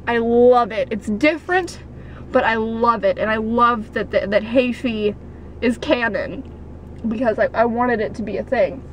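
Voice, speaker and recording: A woman's voice: fairly high pitch, moderate pace, slight background noise, poor audio. Gushing young woman vlogging in a car. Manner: gushing, bursts into loud acted quotes. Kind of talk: excited casual chat. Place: parked car.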